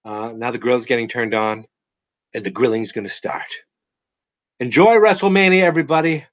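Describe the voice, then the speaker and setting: A man's voice: mid-range voice, fairly quick, no room sound, low-quality recording. Tipsy rambling male podcast host. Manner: rambling, self-mocking, a bit tipsy. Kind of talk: casual live-stream chat. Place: at home with family.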